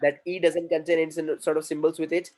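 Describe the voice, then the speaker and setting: A man's voice: on the high side, completely flat delivery, fast, a little mellow, rough recording. A man with an Indian English accent teaching a class, repeating words and asking the students questions as he writes on the board. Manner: repetitive, drilling, asks class questions. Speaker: communication trainer.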